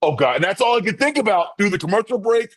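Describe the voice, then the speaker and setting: A middle-aged former wrestler, an interview guest, tells stories in a high-pitched, fast voice with no room sound. He's an animated storyteller who acts out the quotes within his answers.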